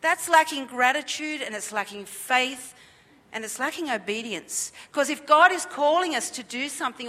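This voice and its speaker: A woman preacher delivers a sermon in a clear, bright voice that sits a little high. She drives her points home by repeating them and asking the congregation questions. Her voice trails off into the long reverb of a church hall. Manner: emphatic and repetitive, with rhetorical questions. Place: church service.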